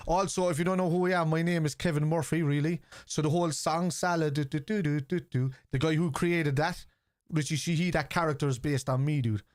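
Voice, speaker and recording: A middle-aged man from Ireland runs a live football watchalong stream, talking casually with plenty of swearing while he reacts to play and replies to viewers in chat. His pitch is fairly high. It's studio quality with no echo.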